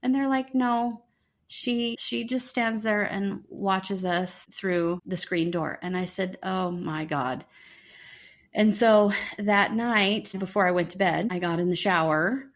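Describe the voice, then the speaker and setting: Woman telling a ghost story, lively. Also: medium pitch, unhurried. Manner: animated storyteller acting out quoted voices. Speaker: podcast co-host. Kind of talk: casual storytelling.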